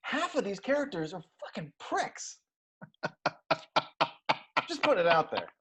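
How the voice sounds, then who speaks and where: A man's voice: high-pitched, sing-song, slow pace, long pauses, a bit bright, poor audio. A man co-hosting a casual movie podcast, ranting with lots of swearing and frequent laughter. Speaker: podcast co-host.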